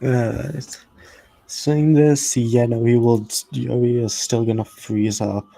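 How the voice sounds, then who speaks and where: A man playing a tabletop game describes his character's actions in the third person, slow and hesitant. His voice is low and warm. The delivery stays flat and unhurried. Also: creaky, no room sound, poor audio. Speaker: player.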